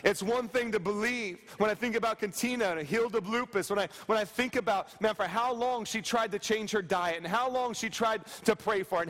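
High-voiced pastor preaching in a reverberant church. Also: male voice. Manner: repetitive, dropping soft and slow on key phrases; storytelling with quick asides to the congregation. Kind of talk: sermon. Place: church sanctuary.

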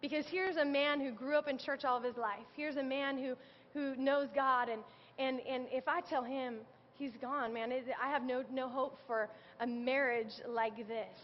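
A woman in her thirties preaches with an earnest, conversational warmth, weaving scripture into her own story. Her voice sits high, and it carries through a large church hall with long reverb on a slightly dull recording. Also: fairly even intonation, normal speed, slight background noise. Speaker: speaker sharing testimony. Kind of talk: sermon.

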